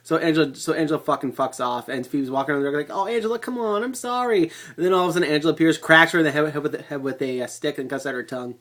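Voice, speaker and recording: A man giving a casual movie review vlog to a webcam, excitable and rambling, swearing freely. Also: fairly high pitch, rapid-fire, few pauses.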